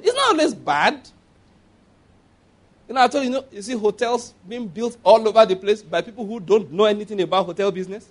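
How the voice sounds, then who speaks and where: A man's voice: sits high, expressive, a little fast, long pauses. A man with a Nigerian accent preaching a sermon in a conversational way, asking the congregation for responses and laughing at his own asides.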